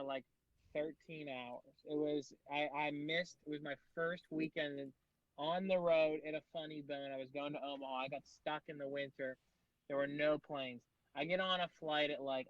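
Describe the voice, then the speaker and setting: A man's voice: on the high side, no echo, muffled recording. A man, a guest comedian, telling rambling stories in casual podcast chat, full of fillers and swearing.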